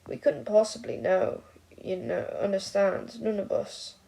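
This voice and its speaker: A woman's voice: medium pitch, measured pace, gravelly, mellow. A woman doing a slurring drunk old wizard. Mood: blustering. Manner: slurring, blustering.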